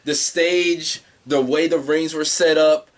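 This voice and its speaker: A man with a fairly high voice co-hosts a casual podcast. He talks bluntly and gets excited, with plenty of swearing. He is relaxed and chatty. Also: slow pace. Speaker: podcast co-host. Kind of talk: casual chat.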